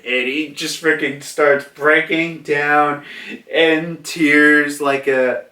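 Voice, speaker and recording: A man's voice: on the high side, steady tone, extremely slow, pushed and bright. A man casually recapping a manga chapter, rambling with lots of fillers as he goes. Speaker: manga reviewer. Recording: roomy, from a distance.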